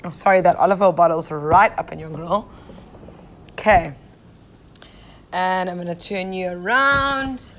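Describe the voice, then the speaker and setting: A woman's voice: lowish voice, unhurried, long pauses, a bit bright. A young woman from Zimbabwe, a safari cook, chatting casually while giving a live cooking demonstration and greeting viewers by name. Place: home kitchen. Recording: echoey kitchen with faint ambient noise.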